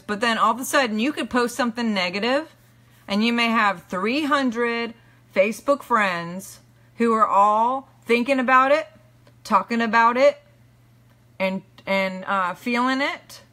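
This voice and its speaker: A woman teaching a live online class in an earnest, emphatic way, often checking in with her listeners and letting phrases drop low and soft at the end. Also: measured pace. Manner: earnest, emphatic, repeats "okay?" to the audience. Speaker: teacher and minister. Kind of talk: live-streamed motivational teaching.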